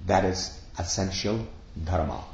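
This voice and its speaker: A spiritual teacher delivers a discourse to roughly sixty listeners, using everyday examples and questions to explain his points. His low voice is gravelly, a bit mellow and expressive, at a measured pace. The echoey room yields dull lo-fi sound with slight background noise.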